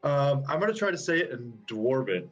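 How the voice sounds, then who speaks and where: A man's voice: mid-range voice, big pitch swings, soft background music. A man playing in a tabletop game, talking casually and hesitantly with lots of ums. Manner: unhurried, hesitant, many ums. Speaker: player. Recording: dull lo-fi recording.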